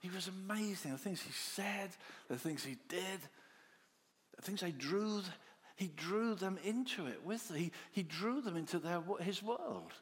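A man preaching a sermon, telling the story in an animated way and acting out the disciples' voices, dropping to soft low tones for quiet lines. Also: measured pace. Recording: long hall reverb.

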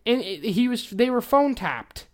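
A woman's voice: on the high side, very animated, a little slow, a little mellow. A young woman co-hosting a casual true-crime podcast, swearing freely, rambling and laughing often. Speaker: podcast co-host.

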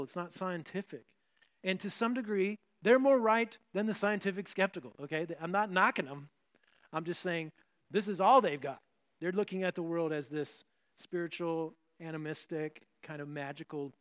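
A man pastor giving a conversational sermon, often restarting phrases and adding asides. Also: fairly high pitch.

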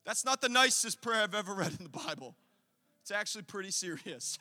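High, bright-voiced preacher man in a reverberant hall. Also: lively intonation, a little fast. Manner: impassioned, loud preaching with call-and-response. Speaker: pastor. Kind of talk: sermon. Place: church sanctuary.

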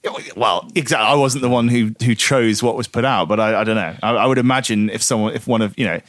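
A man from Guernsey talks his way through a film review, rambling and restarting his sentences. His voice sits at an ordinary pitch, and the recording is dry and close. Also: quick pace, a bit bright, no echo. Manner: rambling, hesitant, many restarts. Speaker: podcast co-host. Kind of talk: casual chat, film review.

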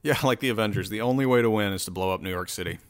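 A man's voice: lowish voice, very fast. A man hosting his own solo show, rambling and swearing in a casual rant full of restarts. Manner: rambling, profane, self-interrupting.

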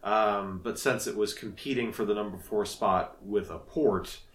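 A man's voice: lowish voice, a little slow. A man co-hosting a podcast in casual chat, thoughtful and hesitant, with many fillers. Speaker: podcast co-host. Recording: echoey room.

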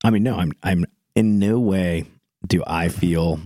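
A man with a deep, low voice trades sarcastic, teasing jokes in casual chat. His delivery is dry and wry. The sound is close and dry, with no room echo. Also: unhurried, dark tone.

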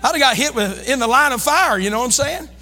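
A middle-aged man with a Midwestern American accent preaching a sermon as pastor, folksy, swinging between loud shouting and quiet asides. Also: very high voice, lively intonation, fast talker. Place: church sanctuary. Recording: long church reverb.

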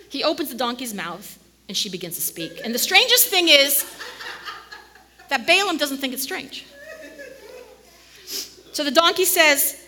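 Animated, breathy woman preaching a sermon. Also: sits high, normal speed, pauses often. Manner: animated storytelling, dips to near-whisper. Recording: long hall reverb.

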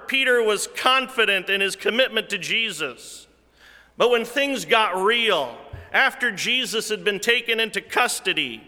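In a large, echoing sanctuary, a male preacher gives his sermon very slowly and deliberately. His bright voice sits slightly high, building to loud swells before dropping to a near-whisper.

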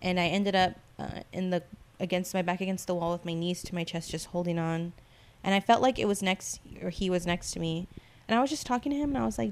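A woman in casual chat, telling stories in a slangy, animated way and acting out the voices of the people she quotes. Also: fairly low pitch, fast talker.

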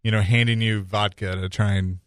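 A man co-hosts a podcast, chatting casually and offering easygoing, supportive remarks. His voice is fairly low, clear and resonant, with fairly even intonation and a normal speaking speed. The sound is clean studio audio with no room sound.

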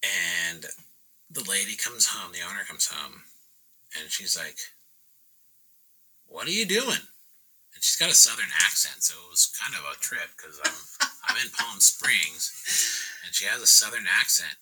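Casting: relaxed male painter guest, very bright tone, chatty storyteller. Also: low-pitched, moderate pace, a little hiss or hum, low-quality recording. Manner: laid-back, laughing, acts out quotes. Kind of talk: casual storytelling chat.

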